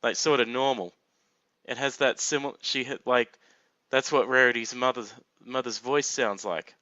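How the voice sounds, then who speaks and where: A man's voice: medium pitch, fairly even intonation, moderate pace, bright, forceful tone, no echo, muffled recording. A man giving casual blind reaction commentary on a cartoon, joking, laughing often and dropping crude asides.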